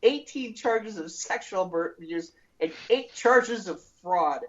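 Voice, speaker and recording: A woman's voice: medium pitch, lively intonation, takes it slowly, highs cut off. A woman hosting a comedy news podcast, reading a story and breaking into giggles.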